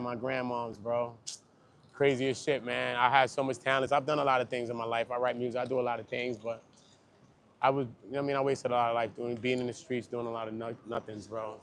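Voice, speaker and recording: A man livestreaming outdoors on a busy street, talking loud, joking and cursing as he hypes up people around him. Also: mid-range voice. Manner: animated, profane, joking, hypes up passersby. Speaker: livestreaming vlogger.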